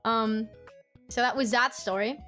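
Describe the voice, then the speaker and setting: High-voiced woman streamer, swearing and laughing. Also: animated, normal speed, a bit bright, soft background music. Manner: swears freely, laughs often, mimics family members in high voices. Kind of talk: casual storytelling chat with viewers.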